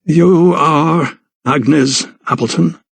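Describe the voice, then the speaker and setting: A man's voice: on the high side, extremely slow, vocal fry, slightly rough, no room sound, pitched above the performer's own voice, exaggerated voice. A man voicing a prim, supercilious little notary who speaks stiffly and indignantly in an audiobook.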